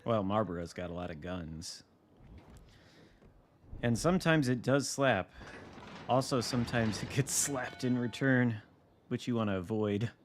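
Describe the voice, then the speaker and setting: A man's voice: medium pitch, measured pace, pauses often. A man streaming a naval battle game, chatting casually with dry, wry asides as he thinks aloud. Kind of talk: casual live gameplay commentary.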